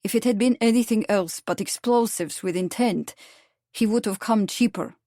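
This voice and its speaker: A man's voice: high voice, moderate pace, dark tone, dry recording, clean studio sound. A woman voicing an earnest, apologetic Russian anarchist man with a Slavic accent in an audiobook.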